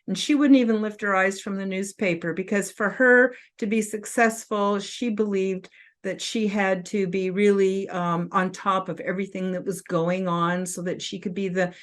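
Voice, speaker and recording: A tearful woman in her fifties hosts her own show and tells a personal story straight to camera. She speaks earnestly and with open emotion, often pausing and restarting. Her voice sits in a middle pitch. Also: steady tone. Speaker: host.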